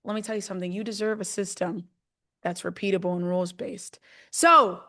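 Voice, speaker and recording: A woman hosting a live call, delivering an excited sales pitch for a trading program and repeating her phrases for emphasis. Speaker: host presenting a trading program.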